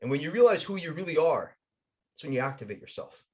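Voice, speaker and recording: An energetic, emphatic man on a podcast, his voice a bit high and swinging widely in pitch. He tells stories and makes his points with vivid, animated emphasis. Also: fast. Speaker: podcast guest and coach. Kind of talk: animated storytelling and plugs.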